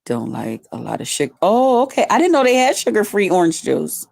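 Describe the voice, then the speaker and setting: A woman's voice: medium pitch, very animated, fairly quick, vocal fry, darkish tone, no room sound. A middle-aged woman chatting casually on a live stream, folksy and talkative. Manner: chatty, folksy, reads out viewer comments. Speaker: livestream host.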